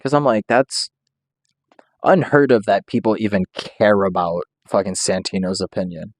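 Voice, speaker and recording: A man's voice: lowish voice, steady tone, moderate pace, dry recording, clean studio sound. A young man giving casual, rambling reaction commentary, joking around and swearing freely. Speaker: reaction streamer.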